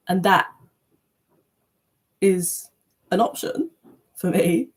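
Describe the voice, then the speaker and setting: A woman giving a casual, chatty tarot reading, animated, with loose language and playful asides. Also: medium pitch, slow, long pauses, breathy edge. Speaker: tarot reader.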